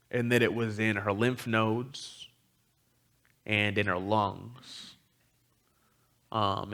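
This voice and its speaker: A man's voice: fairly low pitch, sharp tone. A man giving a personal storytelling talk as a guest teacher, speaking candidly and conversationally, with frequent ums. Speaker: guest teacher at a spiritual community.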